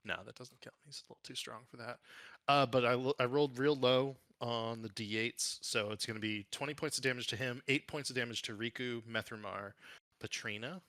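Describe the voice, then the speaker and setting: A man's voice: mid-range voice, steady tone, fairly quick, pushed and bright, no echo. A man running a tabletop game as game master, thinking aloud in a casual, hesitant way.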